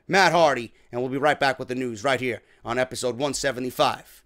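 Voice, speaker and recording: A man's voice: mid-range voice, fairly quick. A man with a New York accent hosts a wrestling show, unboxing merchandise in casual chat full of swearing. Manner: heavy swearing, excitable.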